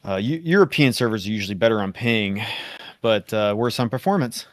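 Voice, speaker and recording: Laid-back man, low voice. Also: brisk, no echo. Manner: laid-back, trailing, swears offhand. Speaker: gamer. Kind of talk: casual chat while gaming.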